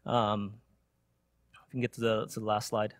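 A young adult man preaching, telling a personal story in an animated way and asking "right?" again and again. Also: fairly low pitch, moderate pace, no echo. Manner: animated storytelling with frequent "right?" tag questions. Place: church sanctuary.

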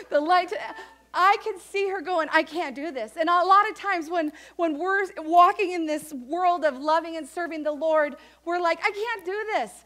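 A woman pastor preaching a lively sermon in church, reading scripture and acting out quoted voices. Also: high voice. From United States. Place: church sanctuary.

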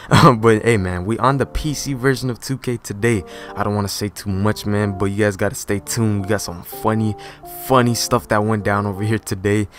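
A young man giving energetic, dramatic gameplay commentary as a gaming YouTuber, talking in a slangy, excitable way. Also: lowish voice.

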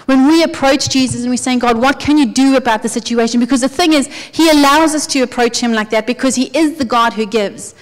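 A woman preaching a sermon in an earnest, conversational way, her voice often dropping soft. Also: sits high, fairly quick, few pauses. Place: church hall. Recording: church hall with long reverb.

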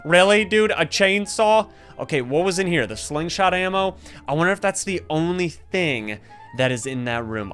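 Excitable high-voiced young man gaming. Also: clean tone. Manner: excitable, yelps and shouts at scares; talks to viewers as "you guys". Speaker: gaming YouTuber. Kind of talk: let's play commentary. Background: game music.

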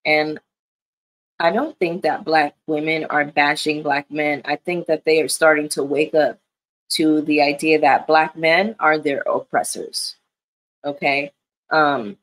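A woman speaks in a low, grounded voice. Her talk is casual and candid, emphatic and loose with profanity, like a vlogger chatting straight to her viewers. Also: a bit bright. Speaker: commentary vlogger. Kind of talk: casual chat.

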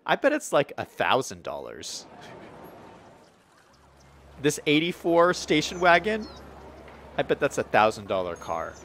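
A young streamer from the Western US talks his way through a city-building game, relaxed and chatty, reading viewer comments aloud with many fillers and restarts. His slightly high voice swings animatedly in pitch, though he speaks a little slowly and pauses often. There's a little hiss or hum in the audio.

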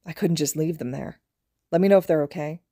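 A woman voicing an earnest, hurried male paramedic who speaks politely and apologetically. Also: deep voice, dark tone, dry recording, studio quality.

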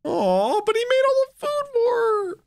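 A young adult hosting an anime reaction video, talking loudly, exclaiming and swearing often. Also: extremely high pitch, wildly swooping pitch, a little slow, gravelly, dry recording. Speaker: anime reaction channel host. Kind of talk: excited reaction commentary.

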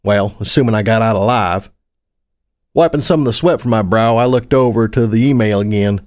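A man reading a first-person story aloud as a narrator, gritty and expressive, with casual swearing. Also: lowish voice, a little fast. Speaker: audiobook narrator.

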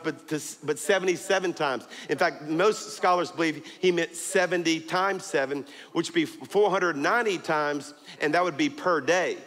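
A man preaching a sermon as pastor, telling a story with jokes and laughter and building to emphatic high points. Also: fairly bright tone, big-room sound. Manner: storytelling, joking, rising to emphatic peaks. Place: church auditorium.

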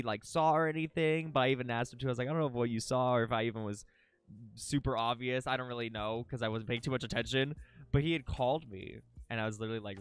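A young man with a smooth, medium-pitched voice, recorded dry, chats casually with his stream viewers during a live broadcast. He rambles emotionally, swears a lot, and keeps restarting his sentences.

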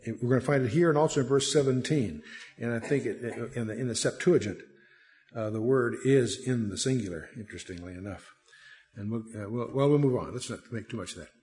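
A man's voice: mid-range voice, brisk, darkish tone. A man giving a Bible study lecture, talking in a conversational, digressive way with asides and reading scripture aloud. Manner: reads scripture aloud in a lifted voice. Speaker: Bible teacher.

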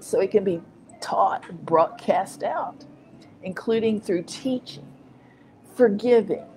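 A woman's voice: mid-range voice, a little mellow, slight background noise, low-quality recording. A middle-aged woman minister giving an informal, rambling teaching monologue, repeating phrases for emphasis. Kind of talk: informal online preaching monologue.

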